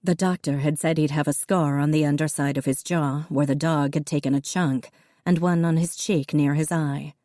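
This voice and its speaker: Low, dark woman audiobook narrator. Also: normal speed, no room sound, clean studio sound. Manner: steady storytelling with character voices.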